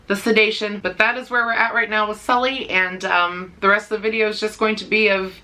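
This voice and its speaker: A young woman talking straight to camera in a casual vlog, with a bright, clear-edged voice. She talks candidly and rambles a bit. Her speech is broken by pauses and nervous little laughs. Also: mid-range voice. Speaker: dog-care vlogger.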